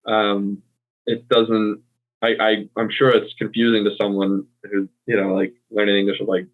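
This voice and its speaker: A man's voice: lowish voice, level tone, moderate pace. Laid-back American man, tinny line. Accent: General American. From United States. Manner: laid-back, explains with many fillers and easy laughs. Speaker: co-host. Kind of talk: casual conversational language chat.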